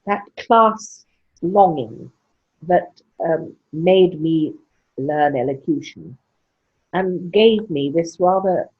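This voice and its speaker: Older english lady with a posh accent, super husky, kinda muffled lo-fi sound. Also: on the low side, expressive, slow pace. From England. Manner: crisp precise diction, frank and salty. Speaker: interviewee. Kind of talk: conversational interview.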